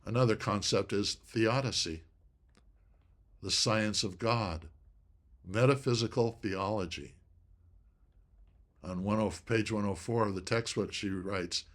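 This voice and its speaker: Deliberate man teaching scripture study. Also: on the low side, fairly bright tone. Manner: deliberate, stresses key words. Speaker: presenter of a Bible study talk. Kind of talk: inspirational teaching talk.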